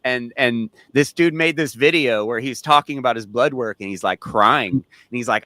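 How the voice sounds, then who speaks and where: A man hosting a casual podcast, telling stories in a rambling, animated way with frequent restarts and swearing. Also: mid-range voice, moderate pace, hardly any pauses, no room sound. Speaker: podcast host.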